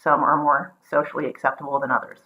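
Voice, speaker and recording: A woman's voice: low-pitched, flat delivery, fast, bright, forceful tone, rough recording. A woman from the American South with a North Carolina accent, talking casually with many ums and restarts. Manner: rambling, frequent ums and restarts. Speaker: vlogger. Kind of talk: casual explanatory talk.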